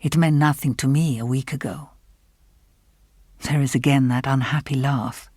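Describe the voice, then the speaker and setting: A woman narrating a literary novel in an audiobook, with measured, even storytelling. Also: very deep voice, slightly rough, no room sound, studio quality.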